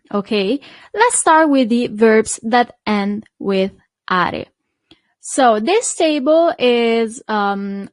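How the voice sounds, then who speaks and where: A woman teaching a lesson at a deliberate, unhurried pace, with a voice a little higher than most. She stretches out example words clearly so learners can repeat after her. The sound is dry and close, with no room around it. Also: no echo. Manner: slow, drawn-out model pronunciations for repeating. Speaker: Italian teacher. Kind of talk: online language lesson.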